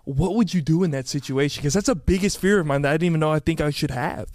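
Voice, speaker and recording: A man's voice: a little high, fast talker, darkish tone, dry recording, clean studio sound. A young man co-hosting a podcast in casual chat, telling rambling stories and defending himself. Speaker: podcast co-host.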